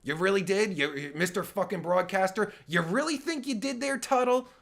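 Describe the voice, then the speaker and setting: Gravelly high-voiced man ranting. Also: moderate pace, fairly bright tone. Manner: exasperated, stammering, sarcastic. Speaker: podcast host reacting to a clip. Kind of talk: profane livestream rant.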